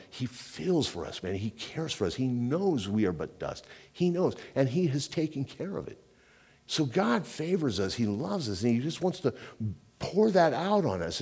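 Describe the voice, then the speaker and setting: A man preaching a sermon as pastor, in a loose, conversational way, often tossing in "man" and "you know," swinging between loud emphasis and quiet, intense moments. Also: medium pitch, slightly rough.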